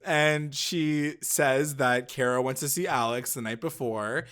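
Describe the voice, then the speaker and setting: A man co-hosting a podcast, recapping a reality show in casual chat, animated and quick to swear and mimic people. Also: mid-range voice. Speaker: podcast co-host.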